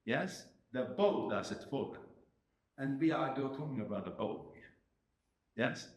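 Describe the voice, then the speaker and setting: A man's voice: medium pitch, expressive, unhurried. Emphatic Hungarian-accented man coaching piano. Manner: emphatic, questioning, with frequent checks like "yes?". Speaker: piano teacher giving a masterclass. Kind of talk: masterclass coaching. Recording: roomy hall with piano playing.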